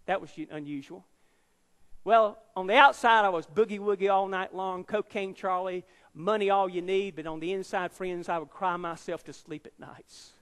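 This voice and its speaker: A high-pitched male evangelist in his fifties preaches his testimony in a dramatic, emphatic storytelling way. His voice rings through a large auditorium with a long, trailing reverb. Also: fairly even intonation, normal speed, a bit bright. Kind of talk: testimony sermon.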